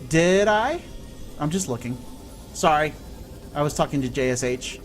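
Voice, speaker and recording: A man from California chatting excitably and swearing casually while he streams a video game. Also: on the high side, normal speed, faint music behind. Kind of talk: live gameplay stream chat.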